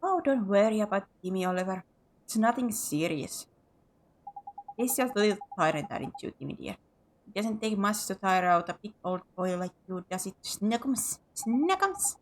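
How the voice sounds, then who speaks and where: A woman's voice: lively intonation, moderate pace, a little hiss or hum, natural voice. A woman voicing a fussy, motherly older woman who coos over her cat and calls people dearie. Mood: cooing. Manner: high, cooing, calls others dearie.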